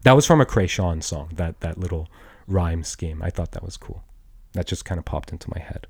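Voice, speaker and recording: A man in his thirties rants alone on his podcast, swearing hard and breaking into shouted bursts. His pitch leaps high and drops low as his anger swells and settles. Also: animated, normal speed, gravelly, slightly rough. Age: 30s. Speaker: podcast host. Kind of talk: angry solo rant.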